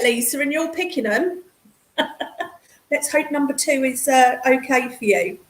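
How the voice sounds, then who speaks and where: Lady, high bouncy voice, chatty and excited, calls everyone darling. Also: takes it slowly, pauses often, reverberant, rough recording. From English Midlands. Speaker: psychic medium hosting a live stream. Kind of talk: casual livestream chat with viewers. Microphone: computer mic on a streaming setup.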